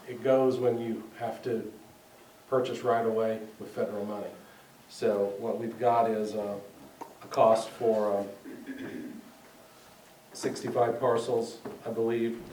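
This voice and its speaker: A man with a Southern accent, a city engineer presenting a project at a public meeting, halting with fillers and self-corrections. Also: lowish voice, a little mellow. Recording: roomy, distant mic with faint noise.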